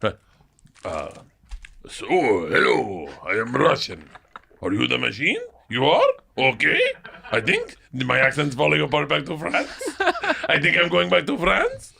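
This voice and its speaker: A man riffing on a comedy podcast, sliding through one goofy put-on foreign accent after another. His voice is bright and gravelly, and his pitch swoops widely as he improvises. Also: huge pitch swings, a little slow, a little hiss or hum.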